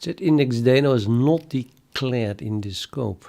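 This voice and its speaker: A man thinking aloud while he codes live, chatting with viewers in a halting, muttering way that trails off mid-sentence. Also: mid-range voice, gravelly, mellow. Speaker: programmer streaming live development.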